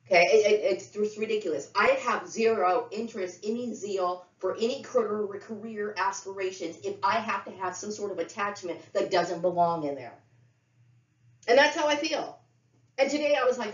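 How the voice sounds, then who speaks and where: A woman's voice: medium pitch, moderate pace. A middle-aged woman giving an unscripted monologue to camera, talking bluntly, profanely and in circles. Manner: blunt, profane, repetitive ranting. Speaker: vlogger. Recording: roomy, dull lo-fi sound.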